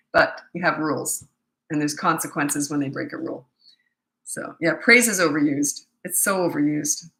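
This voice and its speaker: A middle-aged woman gives parenting advice in a live question-and-answer chat. She sounds chatty and emphatic, with a low, forceful voice. The recording is roomy and echoey. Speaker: parenting coach.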